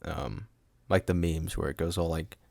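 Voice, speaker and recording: A man's voice: low voice, steady tone, normal speed, gravelly, darkish tone, no room sound, studio quality. A man hosting a solo podcast at a home desk mic, rambling with goofy asides and frequent laughs. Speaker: podcast host. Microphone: studio microphone.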